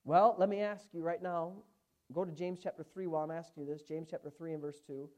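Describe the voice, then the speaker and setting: A woman preaching a sermon, emphatic, swinging from hushed asides to loud, fervent exclamations. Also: lowish voice, fairly even intonation, brisk.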